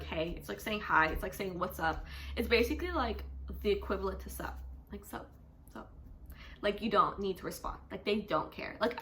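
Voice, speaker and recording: A young woman from Canada talks casually to camera, chatty and animated, her voice bright and forward. Faint room hum sits behind her. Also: medium pitch. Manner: chatty, animated, says "like" constantly. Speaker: vlogger; teacher. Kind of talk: casual vlog chat.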